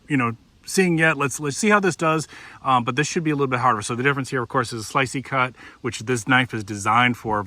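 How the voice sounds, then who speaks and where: A man's voice: mid-range voice, sharp tone, no room sound. A middle-aged man casually reviewing a pocket knife, talking folksy and demonstrating as he goes. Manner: conversational, demonstrating as he talks, folksy.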